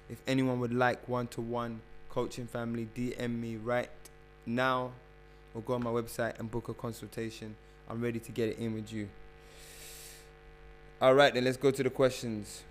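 A spiritual health coach speaks casually and preachily to his followers on a livestream, calling them "family" and hammering home his points by repeating phrases for effect. His voice is medium in pitch with little movement, at a moderate pace, with slight background noise.

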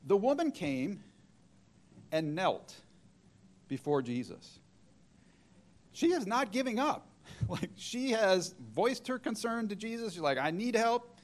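A man's voice: high-pitched, very animated, slow, long pauses. A middle-aged man preaching a sermon, retelling a story and acting out the quoted voices.

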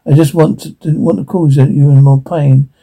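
Man playing a guilty soft-spoken guy, halting, rough gravelly voice. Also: on the high side, fairly even intonation, low-quality recording. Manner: halting, apologetic.

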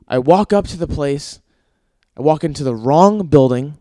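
A man's voice: fairly high pitch, lively intonation, normal speed, warm tone, dry recording, studio quality. Ranting, swearing young man. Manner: profane, ranting, exasperated; laughs and sighs between rants. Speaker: podcast host. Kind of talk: casual comedic monologue.

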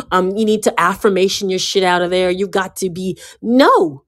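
A woman giving a casual motivational talk, emphatic and given to repeating herself, swinging between loud bursts and quiet asides. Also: fairly low pitch, moderate pace, hardly any pauses. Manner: emphatic, often repeating and restarting words. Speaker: speaker giving a self-help talk.

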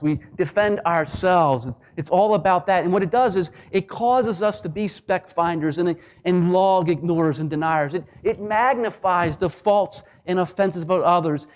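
A man preaching a sermon as pastor, impassioned and building to fervent passages, with quick asides mimicking others. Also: sits high. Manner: impassioned, rising to a fervent climax.

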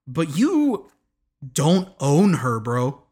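A man's voice: on the high side, huge pitch swings, very slow, darkish tone, slightly rough. A young man hosting a casual recap of a dating show, rambling with many "like"s and stammered restarts.

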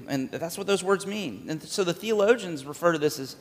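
A man preaching a sermon in earnest, conversational style, now and then rising in pitch and force as he presses a point. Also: lively intonation, fairly quick. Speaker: pastor. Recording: long reverb of a large hall.

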